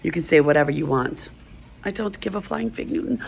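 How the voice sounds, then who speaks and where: Gravelly, rambling middle-aged woman. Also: low-pitched, lively intonation, normal speed, rough recording. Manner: rambling, emotional, stream-of-consciousness. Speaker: vlogger. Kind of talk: rambling personal video monologue.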